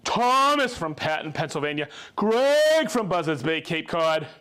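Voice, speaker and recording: A man hosting a live tool show in casual chat, upbeat and laughing often as he reads out viewer shout-outs. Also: a little high, very animated, a little slow, hardly any pauses, smooth.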